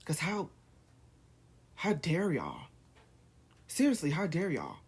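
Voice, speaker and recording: A man's voice: a little high, wildly swooping pitch, slow pace, a little mellow, slightly rough. A man vlogging, firing off heated rhetorical questions in a rant to camera. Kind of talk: ranting to camera.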